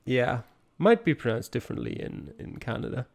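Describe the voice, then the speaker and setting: A man giving calm, explanatory color commentary on an online geography game. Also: mid-range voice, normal speed, vocal fry. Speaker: esports co-commentator.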